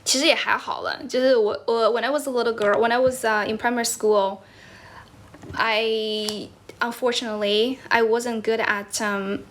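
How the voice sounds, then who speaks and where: A young woman from China, speaking with a Chinese accent, hosts a casual livestream teaching English and answers comments. Her voice sits on the high side, a bit bright, with fairly even intonation and a moderate pace; she laughs often and self-corrects while switching between English and Mandarin, with slight background noise.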